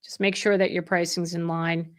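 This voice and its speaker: A woman's voice: on the low side, level tone, normal speed. A middle-aged woman who is a real estate agent, hosting a livestream Q&A and answering viewer chat in a conversational way, often restarting and correcting herself mid-sentence. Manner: chatty and conversational, with frequent restarts and self-corrections; openly emotional and effusive toward viewers.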